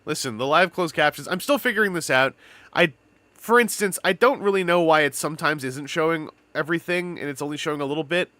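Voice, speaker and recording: A man's voice: on the high side, fast, pushed and bright, no room sound. A man from Canada chatting casually on a live stream, telling rambling stories with playful wordplay.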